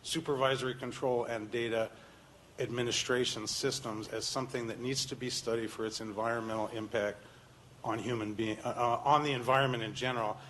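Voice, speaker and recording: A man's voice: mid-range voice, fairly even intonation, fairly quick, fairly bright tone, a little hiss or hum, poor audio. A man giving public testimony at a hearing, talking insistently with frequent "uh" fillers. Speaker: public commenter.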